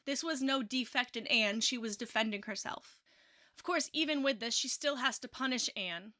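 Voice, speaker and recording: A woman's voice: on the high side, sharp tone. Chatty woman musing over a book. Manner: chatty, musing, self-correcting. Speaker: book reviewer. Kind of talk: casual book commentary and reading.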